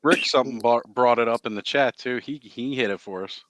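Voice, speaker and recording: A man's voice: medium pitch, brisk, fairly bright tone, no echo. A man co-hosting a casual podcast chat, talking in a loose, rambling way with many fillers. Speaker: podcast co-host.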